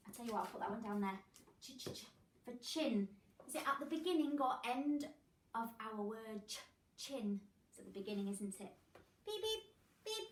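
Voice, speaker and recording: A woman with an English accent teaching a phonics lesson to young children, prompting slowly and drilling the sounds. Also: on the high side, distant mic, slight background noise. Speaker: primary school teacher. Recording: echoey room, voice from off-mic.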